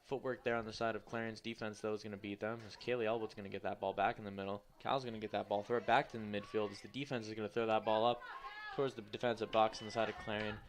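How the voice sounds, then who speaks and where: A man's voice: lowish voice, level tone, fast, hardly any pauses. A young man doing live play-by-play for a college women's soccer game. He is a bit tired and mixes loose, joking asides into the call. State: tired, yawning. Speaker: play-by-play commentator. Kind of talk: live sports commentary.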